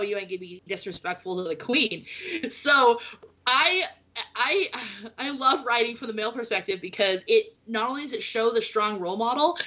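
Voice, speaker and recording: A woman's voice: medium pitch, pushed and bright, rough recording. An American woman, a romance author and speech teacher, chatting on a panel and laughing often as she quotes people. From United States. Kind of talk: casual panel chat.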